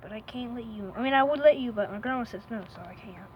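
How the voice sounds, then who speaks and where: A woman standing outdoors in the cold by a door, talking softly and apologetically to a cat on her vlog. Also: fairly high pitch, fast talker. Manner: soft, pleading, apologetic. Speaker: vlogger. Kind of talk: casual talk to an animal. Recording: lo-fi phone audio with noisy outdoor background.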